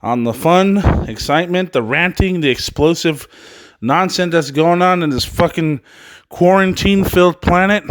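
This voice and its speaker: A man's voice: high voice, no echo. A man hosting his own podcast, ranting crudely and swearing freely as he runs through the episode. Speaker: podcast host.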